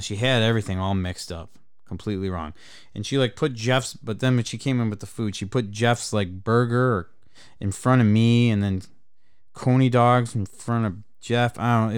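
Brief: podcast host, man, animated profane storyteller, dry close sound. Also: lowish voice, normal speed, clear, resonant tone, dry recording. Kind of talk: casual chat, storytelling.

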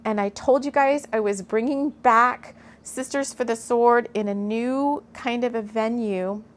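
Brief: middle-aged woman, fairly high voice, storyteller reading a spiritual tale, earnest and gushing, easily moved. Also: measured pace. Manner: earnest, gushing, gets emotional. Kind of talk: reading a channeled story aloud, with asides.

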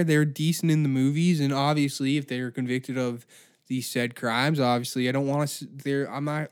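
A man's voice: medium pitch, steady tone, moderate pace, smooth, no echo, clean studio sound. A man hosting a comedy podcast, ranting in a mocking, jumpy monologue. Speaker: podcast host.

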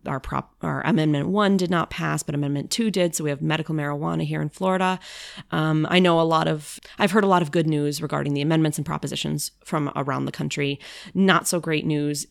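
A woman's voice: sits low, creaky, no room sound, clean studio sound. A woman hosting a podcast in a casual monologue, chatty with many filler ums and playful asides. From United States. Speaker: podcast host.

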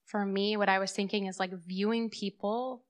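A woman's voice: mid-range voice, steady tone, normal speed. A young woman, a mother, sharing a thought in a church group, hesitant and full of "like". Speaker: congregation member.

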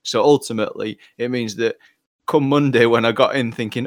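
A man with a gravelly, fry-laden voice tells a work story on a casual podcast. The sound is dry and close, and his delivery is blunt and crude. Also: medium pitch, steady tone, moderate pace, no echo. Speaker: podcast co-host. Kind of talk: casual chat.

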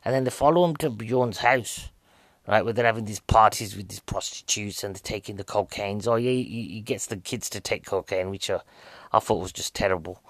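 A man's voice: lowish voice, a little fast, fairly bright tone, no room sound. A man giving a casual, jokey, rambling film review, a bit out of breath.

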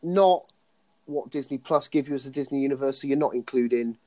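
Male podcast co-host, casual and chatty, mid-pitched, dry close recording. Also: a little fast, dark tone, no echo. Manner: chatty, restarts often, laughs easily. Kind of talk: casual banter about films.

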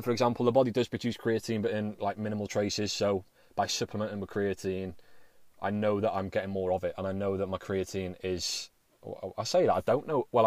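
With a fairly low-pitched voice and a recording free of room sound, a man hosts his podcast solo. He chats loosely and wanders, frequently starting over and swearing casually along the way.

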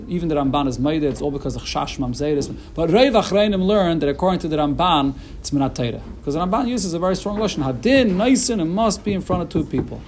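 A man's voice: on the high side, lively intonation, quick pace, hardly any pauses, a little mellow, a little hiss or hum. A man teaching a Talmud lesson in English mixed with Hebrew and Aramaic terms, explaining with frequent restarts. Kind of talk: Talmud lecture.

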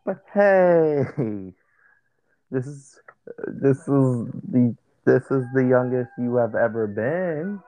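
A man's voice: medium pitch, lively intonation, slow pace, few pauses, warm tone, no echo, low-quality recording. A man chatting casually with his mother and walking her through things step by step, often restarting his sentences. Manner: explains step by step, with frequent restarts. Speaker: son guiding his mother through documents. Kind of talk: casual chat.

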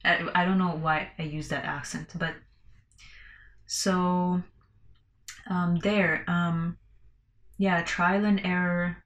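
Slow, low-voiced woman podcaster. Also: steady tone, fairly bright tone, echoey room, lo-fi sound. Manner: rambling, swears freely, laughs between thoughts. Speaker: podcast host. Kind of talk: casual solo podcast monologue.

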